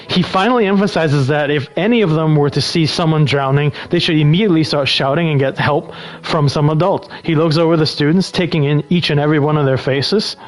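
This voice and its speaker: A man's voice: fairly high pitch, low-quality recording. A man streaming, reading game text aloud and breaking off to chat casually with viewers. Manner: relaxed, breaks off to answer chat.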